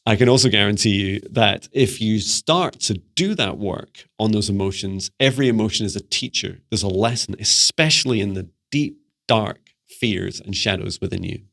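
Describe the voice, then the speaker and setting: A man talks viewers through spiritual advice in a relaxed, conversational way. He laughs easily as he goes. His voice sits low and carries a gravelly fry. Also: normal speed. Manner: relaxed, chatty, laughs often and acts out little voices. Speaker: spiritual mentor. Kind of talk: casual spoken teaching to camera.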